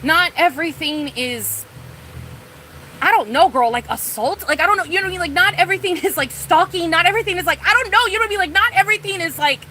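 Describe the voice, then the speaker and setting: A woman's voice: very high voice, fast, sharp tone, slight background noise, poor audio. A young woman streaming live, ranting casually and profanely with lots of "like" and "you know what I mean.". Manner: profane, rambling, lots of fillers.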